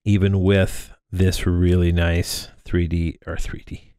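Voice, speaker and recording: With a low, mellow, smooth voice that barely shifts in pitch, a man in his thirties slowly talks through building a drone frame. He rambles casually, stacking fillers and restarts. A close microphone in front of him gives clean studio sound with no room sound.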